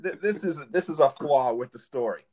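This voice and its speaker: Measured, critical male co-host. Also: fairly high pitch, animated, darkish tone. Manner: measured, plainly critical summaries. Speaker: podcast co-host. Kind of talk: casual movie review chat.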